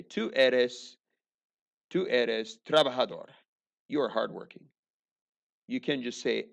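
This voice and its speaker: A male teacher talks through a recorded language lesson in a very gravelly, fry-heavy voice, with dry joking asides along the way. The recording sounds dull and lo-fi. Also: medium pitch.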